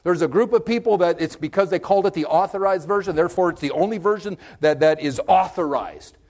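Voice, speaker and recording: A man preaching a conversational sermon, folksy and direct with his listeners, swinging from loud emphasis to hushed, whispered moments. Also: high-pitched, quick pace. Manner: folksy, direct, addresses listeners with okay and amen.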